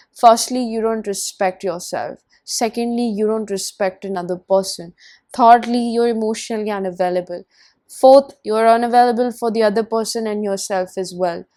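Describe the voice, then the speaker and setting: A woman giving a tarot card reading, talking emphatically and repeating phrases for stress. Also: a little high. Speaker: tarot reader.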